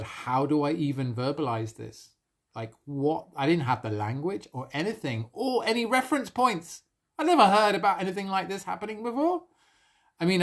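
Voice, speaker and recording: Earnest man sharing a spiritual story. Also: fairly high pitch. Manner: earnest and emotional, laughs softly between phrases. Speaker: spiritual coach. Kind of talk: live-streamed personal storytelling.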